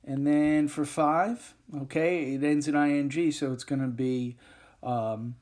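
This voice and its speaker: A man teaching an English grammar lesson over a whiteboard recording, explaining step by step with frequent pauses and fillers. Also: on the high side, fairly even intonation, a little mellow.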